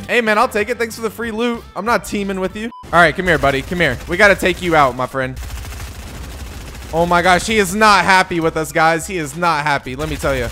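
A young man giving casual, excitable commentary over his own gameplay. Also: high-pitched, brisk, soft background music. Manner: excitable, jumps to yelps at in-game moments. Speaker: gaming YouTuber.

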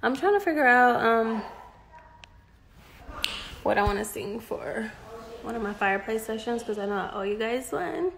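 A woman's voice: a little high, animated, moderate pace, creaky, pauses often, a bit bright, reverberant, a little hiss or hum. A mother hosting a casual phone livestream, playful and laughing as she coaxes her toddler.

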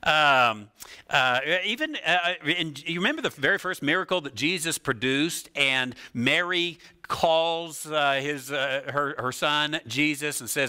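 Animated, bright-voiced male preacher. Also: on the high side, takes it slowly, smooth. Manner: animated, lively delivery with laughs and rhetorical questions; frequent filler words and restarts. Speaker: pastor. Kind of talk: sermon.

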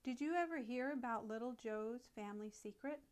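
A woman doing Grandfather Frog, old and gruff. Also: normal speed, a little mellow, natural voice. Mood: sly. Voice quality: deep, gruff. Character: old male frog, cheerful and teasing.

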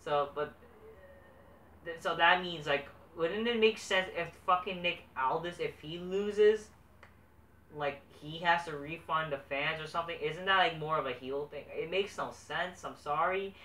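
A man's voice: on the high side, a little slow, pushed and bright, distant mic. A man reviewing a wrestling show in a casual, exasperated rant, swearing constantly. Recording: echoey room, off-mic, faint background noise.

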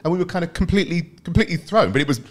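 A man's voice: fairly high pitch, lively intonation, rapid-fire, a little mellow. A British man, a guest on a show, telling rambling anecdotes in casual interview chat with frequent laughter. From Britain. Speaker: guest, athletics fan and content creator.

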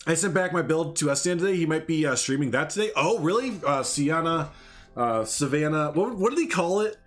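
A man's voice: fairly high pitch, animated, fairly quick, soft background music. A young man chatting casually on a game live stream, laughing often and answering viewers.

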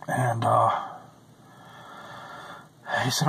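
A man's voice: medium pitch, level tone, slow pace, creaky, pauses often, sharp tone, breathy edge, poor audio. Earnest man giving an emotional testimony. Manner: earnest and emotional, repeating phrases, dropping to whispers. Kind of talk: personal religious testimony.

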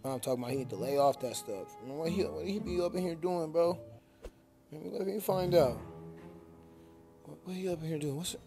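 A man talking casually over a video game, full of slang and playful trash talk. His voice sits a little high. Game music plays clearly under him. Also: a little fast, pauses often. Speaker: gaming video creator.

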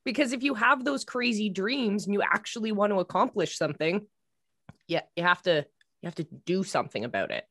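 A woman hosts an interview podcast with a lively, swooping pitch. She speaks encouragingly to her guest, and the sound is dry and close. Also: a little fast, dry recording. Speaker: host, coach.

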